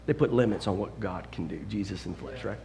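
A man's voice: fairly low pitch, brisk, creaky. A middle-aged man preaching a sermon as a pastor, telling self-deprecating stories with lots of restarts. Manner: animated, self-deprecating storytelling with frequent restarts.

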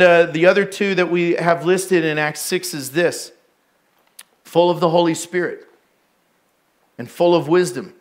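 A middle-aged male pastor preaching a sermon, telling candid, self-deprecating stories with bursts of laughter. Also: fairly high pitch.

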